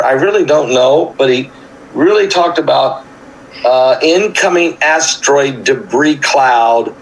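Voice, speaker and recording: A man's voice: medium pitch, slight background noise, poor audio. A man hosting a call-in interview, a pastor by calling, asking questions and reassuring his guest in an easygoing way. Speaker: host and pastor.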